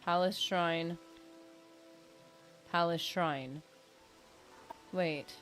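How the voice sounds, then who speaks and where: A woman with a lowish voice and a moderate pace livestreams a role-playing game, reading quest text aloud and chatting playfully with her viewers. She is chatty and full of joking asides and mock-grandeur, with faint game music behind her.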